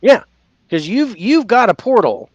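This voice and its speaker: A man co-hosting a casual paranormal podcast, telling a story with lively acted-out reactions. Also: extremely high pitch, unhurried, husky, dry recording, muffled recording. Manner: animated storyteller, acts out his own reactions loudly. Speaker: podcast co-host.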